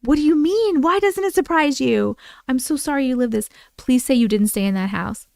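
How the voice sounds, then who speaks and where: A woman hosting a live stream, reading viewer stories aloud and reacting with animated exclamations and swearing. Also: sits high, normal speed, gravelly, no echo.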